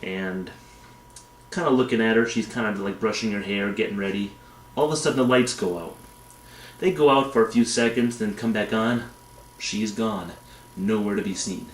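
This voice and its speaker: A man's voice: on the low side, moderate pace, slight background noise. Rambling man in an echoey room. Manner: rambling, tangential storytelling. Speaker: vlogger. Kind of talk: casual dream retelling. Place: dim indoor room, backlit.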